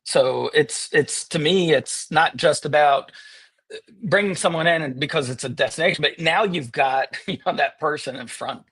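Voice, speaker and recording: A man hosting a live webinar and demoing software. He is upbeat and joking, with sarcastic asides. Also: fairly high pitch, moderate pace, husky. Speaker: webinar host and software presenter. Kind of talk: live webinar product demo. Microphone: earpiece in one ear.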